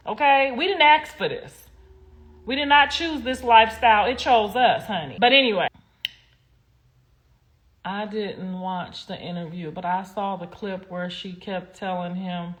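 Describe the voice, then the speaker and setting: A woman's voice: fairly high pitch, normal speed, a bit bright. A middle-aged woman from the United States, a guest in a candid interview, talking bluntly and animatedly, with mocking impressions.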